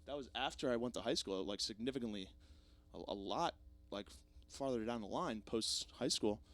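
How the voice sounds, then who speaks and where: A young guy hosts a podcast alone, rambling through a jokey, self-mocking monologue packed with swearing. His mid-range voice moves at a normal speed, lurching from loud outbursts to mumbled asides.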